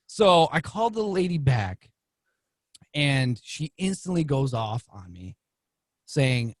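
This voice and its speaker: A man's voice: moderate pace, breathy edge, no echo. A man, a guest on a podcast, telling a story casually and acting out the quoted lines with his voice jumping up. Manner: animated, acts out quoted lines with rising pitch.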